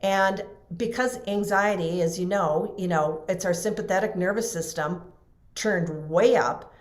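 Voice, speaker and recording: Lowish woman guest, roomy echo. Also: unhurried. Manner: animated, acts out quoted voices, many fillers. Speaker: interview guest. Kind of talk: personal storytelling in conversation.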